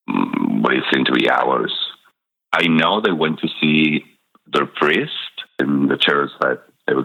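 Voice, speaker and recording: A man's voice: very deep voice, creaky, fairly bright tone. A middle-aged man from Spain with a Spanish accent, telling candid personal stories as a guest, full of fillers and small laughs. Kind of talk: personal storytelling. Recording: dull lo-fi sound.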